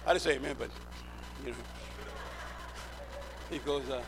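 A middle-aged preacher shares his testimony in a medium-pitched voice at a moderate pace, pausing often. He tells it emphatically, acting out the dialogue, and a clear hum runs beneath the recording.

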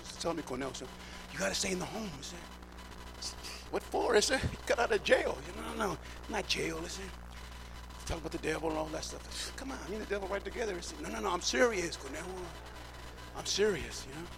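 A clear hum sits under this high-pitched, expressive middle-aged preacher as he rushes through his testimony. He tells the story with emphasis, performing each line of dialogue.

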